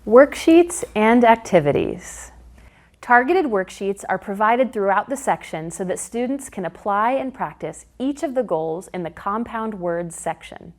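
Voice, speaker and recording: A woman's voice: medium pitch, animated, darkish tone. A woman narrating a scripted phonics lesson, stressing each example word as she walks through the steps. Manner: slow, deliberate, sing-song stress on example words. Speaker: literacy instructor.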